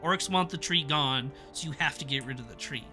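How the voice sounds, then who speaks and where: Young man, live-stream chat, rambling and laughing, fairly high voice, very bright tone, faint music behind. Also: brisk. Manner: rambling, self-interrupting, laughs often. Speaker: streamer reviewing a TV episode.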